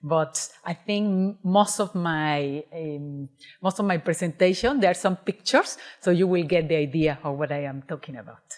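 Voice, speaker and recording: A Mexican woman, Spanish her first language, gives a lecture in an auditorium. Her voice sits slightly low. She talks in a halting way, with fillers and repeated starts. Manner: hesitant, many restarts and fillers. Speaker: guest speaker, independent curator. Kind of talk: lecture presentation.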